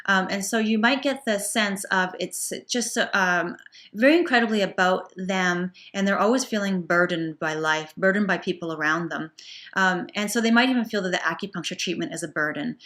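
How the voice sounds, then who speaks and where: A woman teaching acupuncture students in a relaxed, chatty lecture, often restarting her sentences. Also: medium pitch, moderate pace. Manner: chatty, warm, self-correcting with frequent restarts and small laughs. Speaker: acupuncture instructor.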